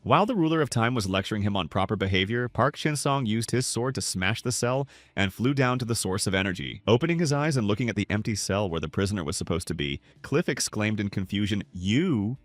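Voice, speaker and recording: Low-voiced man narrating a recap. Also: expressive, fast talker, few pauses, no echo. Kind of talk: scripted story narration.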